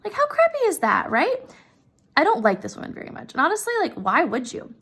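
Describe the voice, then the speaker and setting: A woman's voice: high-pitched, wildly swooping pitch, brisk, a bit bright. A woman casually retelling a classic story, chatty and openly opinionated about the characters.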